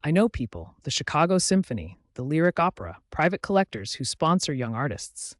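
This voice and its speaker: A man's voice: on the high side, sing-song, brisk, no room sound. An earnest, successful businessman who pushes with urgency, voiced plainly by a man. His delivery is sincere and pressing. The recording is dry and close. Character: successful businessman, earnest and driven, male adult.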